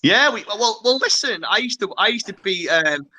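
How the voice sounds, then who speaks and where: A man's voice: high-pitched, lively intonation, moderate pace, sharp tone, slight background noise. A man with a Cheshire accent hosting a casual online interview, laid-back and matey. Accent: Cheshire, northern English. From Cheshire, England. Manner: laid-back, matey, calls guest bro. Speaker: host. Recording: dull lo-fi audio.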